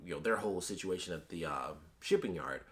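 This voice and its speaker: A man's voice: low voice, expressive, brisk, a bit bright. A man giving a casual spoken review of a TV episode, rambling with lots of fillers and restarts.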